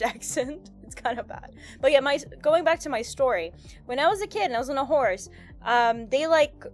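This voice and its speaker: A woman streaming a game, chatting casually and rambling through stories with lots of fillers and giggles. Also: sits high. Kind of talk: casual live-stream chat.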